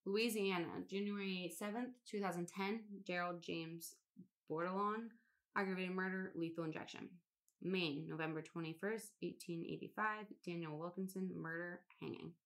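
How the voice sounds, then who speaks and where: A woman's voice: on the low side, steady tone, normal speed. A woman co-hosting a casual podcast, reading a long list aloud, swearing now and then and laughing at odd names. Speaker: podcast co-host.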